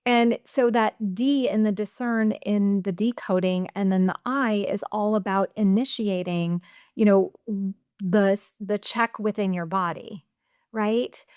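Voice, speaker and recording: A woman speaks with a smooth, resonant voice, recorded close and dry. She talks casually as a coach, throwing in "right?" and voicing her own thoughts aloud. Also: mid-range voice, steady tone, a little slow, a little mellow, no echo. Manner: chatty, tags "right?", acts out her inner voice. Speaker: executive coach guest. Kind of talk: casual interview chat.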